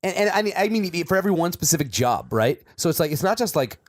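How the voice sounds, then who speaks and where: A man from Canada co-hosting a podcast, telling lively stories in casual chat. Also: sits high, fast talker, no room sound, clean studio sound. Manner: animated storyteller, swearing freely. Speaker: podcast co-host.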